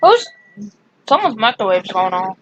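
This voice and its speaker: A woman's voice: medium pitch, very animated, moderate pace, noisy background. A woman in a casual live chat who jokes and teases. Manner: joking, playful. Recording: muffled lo-fi audio.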